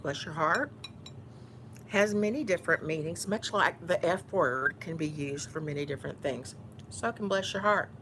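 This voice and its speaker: A woman's voice: low voice, normal speed, fairly bright tone, a little hiss or hum. A woman from Houston with a Texan Southern accent, chatting casually while eating on camera, teasing and mock-bossy. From Houston, Texas. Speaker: YouTuber.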